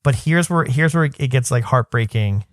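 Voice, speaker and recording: A man's voice: mid-range voice, animated, normal speed, no room sound, clean studio sound. A man in his thirties co-hosting a podcast, telling a long personal story in a rambling casual way with many fillers and restarts. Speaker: podcast co-host. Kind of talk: casual chat.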